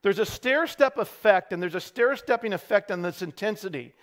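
High-voiced man preaching a sermon. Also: animated, fairly quick. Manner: builds to shouting peaks, wry asides about parenting. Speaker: pastor.

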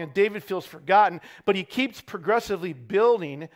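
A middle-aged man preaching a sermon as pastor, building to shouted peaks between wry parenting asides. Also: sits high, lively intonation, fairly quick.

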